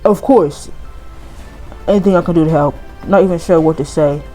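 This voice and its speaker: A woman voicing a grieving, evasive adult male drama teacher, reading game dialogue aloud slowly in a put-on accent. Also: sits low, warm tone, soft background music, voice pushed down, lightly acted, rough recording. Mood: halting, sorrowful.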